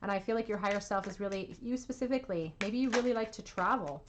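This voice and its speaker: A woman giving a pick-a-card tarot reading at home, soothing and reassuring, with soft laughs. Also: mid-range voice, quick pace, slight background noise. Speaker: tarot reader.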